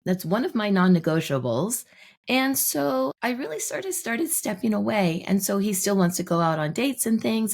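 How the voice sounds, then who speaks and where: A woman podcast guest explaining her ideas in a relaxed, explanatory way, telling anecdotes. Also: medium pitch, normal speed. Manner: explanatory, tells anecdotes with acted-out dialogue. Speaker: guest, manifestation teacher. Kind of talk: podcast interview.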